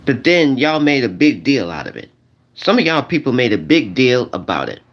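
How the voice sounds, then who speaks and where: A man delivers a stand-up rant straight to the crowd, circling back over the same phrases. His voice stays around a middle pitch but leaps sharply upward whenever he gets indignant, then drops back low and grumbling. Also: sing-song, moderate pace, lo-fi sound. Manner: repetitive, exasperated, voice jumping high when indignant.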